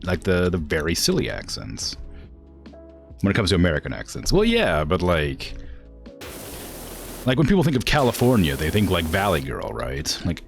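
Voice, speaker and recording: A man's voice: low-pitched, sing-song, moderate pace, creaky, long pauses, soft background music. A man with a northwestern US accent, chatting casually as a game streamer, rambling with many fillers and laughing asides. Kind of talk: casual stream chat while gaming.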